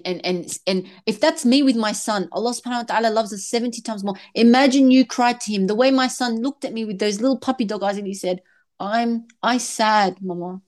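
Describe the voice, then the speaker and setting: A woman in her thirties, a podcast guest, talking earnestly and with feeling about faith and motherhood. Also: mid-range voice. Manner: earnest, animated, switches into quoted voices. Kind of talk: emotional faith and fertility talk.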